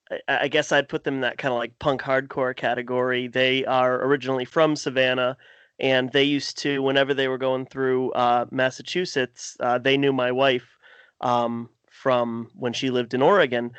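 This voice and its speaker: A man's voice: medium pitch, a bit bright, clear, resonant tone, no echo. A man co-hosting a podcast, talking casually and hesitantly with many restarts.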